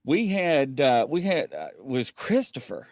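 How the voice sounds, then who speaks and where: A man co-hosting a casual livestream, chatting with viewers in an animated way and often laughing as he acts out conversations. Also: measured pace, dry recording. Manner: animated, laughing, acts out quoted exchanges in a higher voice. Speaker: livestream co-host.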